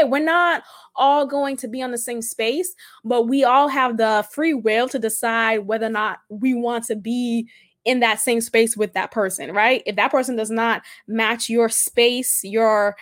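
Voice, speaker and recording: A young adult woman hosting a casual solo podcast, talking emphatically and often tagging her points with "right?". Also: a little high. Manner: emphatic and animated, keeps asking "right?". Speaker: podcast host.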